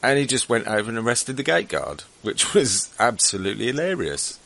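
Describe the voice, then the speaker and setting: A man's voice: medium pitch, big pitch swings, fairly quick, gravelly, fairly bright tone. A man from England co-hosting a talk show, telling his own stories in a laid-back, rambling way. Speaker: radio show co-host. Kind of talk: anecdotal storytelling on a talk show.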